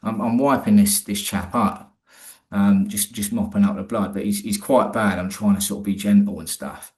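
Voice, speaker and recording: Man, lowish voice, interview guest, rambling colloquial storytelling, frequent restarts. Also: steady tone, moderate pace, darkish tone. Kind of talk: telling a personal story.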